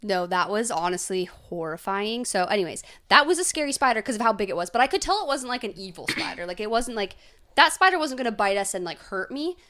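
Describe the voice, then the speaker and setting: A woman's voice: mid-range voice, expressive, fast talker, pushed and bright. A young woman co-hosting a podcast, chatting casually and rambling with lots of "like". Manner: rambling, heavy on "like". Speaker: podcast co-host. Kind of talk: casual chat.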